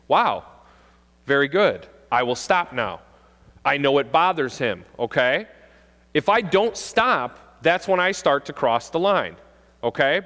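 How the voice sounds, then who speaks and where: A man in his forties, a police officer, giving a joking, animated talk to kids and parents at a school assembly. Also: fairly high pitch. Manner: jokey, animated, acts out kids' voices. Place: school gym or auditorium. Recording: long reverb of a large hall.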